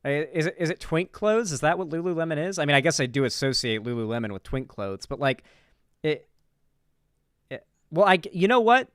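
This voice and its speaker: Man, reaction commentary, profane, incredulous, smooth resonant voice, dry sound. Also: fairly high pitch, expressive, fairly quick, no echo. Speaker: political commentary streamer.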